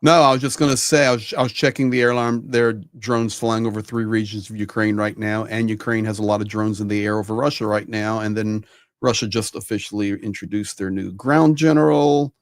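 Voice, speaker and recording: A man's voice: lowish voice, steady tone, a little fast, no echo, clean studio sound. A man co-hosting a live discussion stream, giving brief, plain updates in a casual way.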